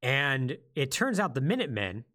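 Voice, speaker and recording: Animated man telling a story. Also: mid-range voice, normal speed. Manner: animated storytelling, acts out quotes. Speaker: podcast co-host. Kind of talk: casual podcast chat.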